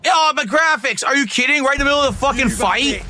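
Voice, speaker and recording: Exasperated high-voiced male gamer. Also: lively intonation, fast, noisy background. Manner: exasperated, swearing, complaining. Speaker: gamer in a played video. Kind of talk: frustrated gameplay commentary.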